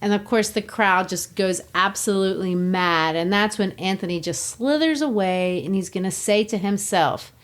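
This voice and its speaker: A woman co-hosting a literature podcast, retelling scenes in an animated, storytelling way. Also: medium pitch, normal speed, few pauses. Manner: animated storytelling, laughs often. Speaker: podcast co-host.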